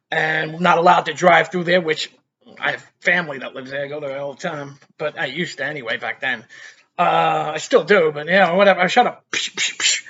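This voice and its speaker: A man's voice: fairly high pitch, pushed and bright, dull audio. A man, telling a personal story in a rambling, chatty way, peppered with "you know" and little laughs. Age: 50s. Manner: chatty, keeps adding "you know", laughs between sentences. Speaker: vlogger.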